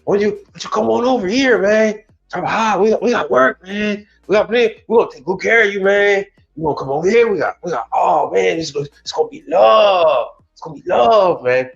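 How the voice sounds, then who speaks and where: A man's voice: high-pitched, expressive, brisk, gravelly, hardly any pauses, pitched above the performer's own voice. A man voicing a pushy male contractor who coaxes a worker to switch jobs, repeating himself and calling him man. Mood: coaxing. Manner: coaxing, repetitive, calls the listener man. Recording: dull sound with faint music.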